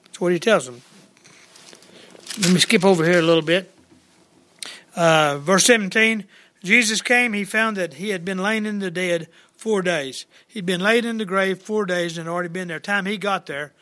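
High, bright-voiced folksy preacher. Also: male voice, normal speed. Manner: plainspoken, conversational, paraphrases scripture in everyday words. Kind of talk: folksy verse-by-verse sermon. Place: church service with congregation.

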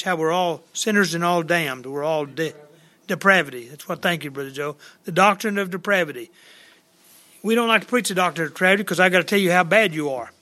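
Male preacher, high and bright-toned, folksy conversational sermon delivery. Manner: plainspoken, conversational, paraphrases scripture in everyday words. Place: church service with congregation.

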